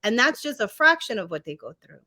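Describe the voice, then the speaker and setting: A woman co-hosting a podcast in casual chat, talking emphatically and getting animated when she mimics other people. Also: fairly high pitch, a little fast. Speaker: podcast co-host.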